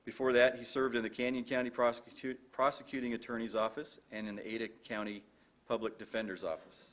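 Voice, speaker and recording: A man's voice: mid-range voice, level tone, quick pace, a bit bright. A man announcing at a graduation ceremony, reading award and speaker introductions from a script at a podium microphone, with a few stumbles. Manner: formal, read from script, some stumbles.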